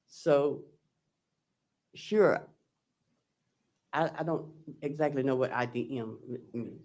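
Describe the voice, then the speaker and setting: A woman on the witness stand in a courtroom. She talks slowly with many restarts, reading text messages back in a plain, halting voice. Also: low voice, dark tone. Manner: slow, halting, recounting texts aloud. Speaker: trial witness, defendant. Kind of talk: courtroom testimony.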